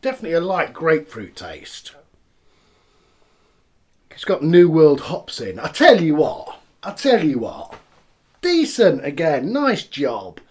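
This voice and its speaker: A man's voice: a little high, wildly swooping pitch, measured pace, pauses often, a little mellow, slightly rough. A man casually reviewing beers and cider on camera, chatty and rambling as he tastes each one. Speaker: beer reviewer.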